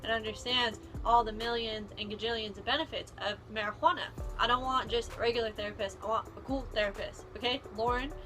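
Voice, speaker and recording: Young woman doing a storytime vlog, bright sharp voice, kinda high, sarcastic and chatty, soft music under it. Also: steady tone, brisk, few pauses. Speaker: vlogger. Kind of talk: casual storytime.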